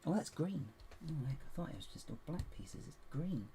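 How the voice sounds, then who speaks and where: A man chatting to viewers in a casual building vlog, rambling to himself with playful squeaky exclamations. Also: expressive, normal speed, darkish tone, a little hiss or hum. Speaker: LEGO builder and channel host.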